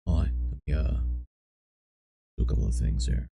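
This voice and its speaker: A man streaming, chatting softly and bluntly with viewers on a close microphone, teasing and swearing. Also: a bass voice, expressive, normal speed, creaky. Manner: blunt, profane, teasing chat. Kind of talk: soft-spoken ASMR stream chat. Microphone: close desk microphone.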